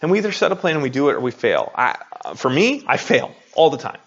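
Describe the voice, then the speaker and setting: A man's voice: medium pitch, sing-song, fast, muffled recording. Conversational male pastor preaching. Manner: conversational, confessional preaching with rhetorical asides. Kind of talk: sermon.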